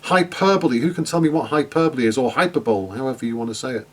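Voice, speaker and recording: Husky man teaching a class. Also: medium pitch, rapid-fire. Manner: chatty, many fillers and restarts, asks students questions. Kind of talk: online lecture.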